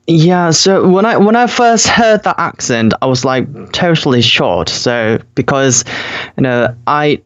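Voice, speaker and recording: A young man from South Korea talks slowly and hesitantly, leaning on fillers and breaking into laughs. His English carries his native Korean. The recording sounds a little dull and lo-fi. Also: a little high, animated, fairly bright tone. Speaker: guest. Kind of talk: casual podcast chat.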